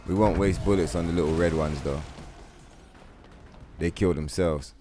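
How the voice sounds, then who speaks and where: A man's voice: low-pitched, steady tone, normal speed, over music. A man chatting casually and profanely while streaming a game, rambling through long comparisons and laughing. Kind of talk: casual gaming livestream chat.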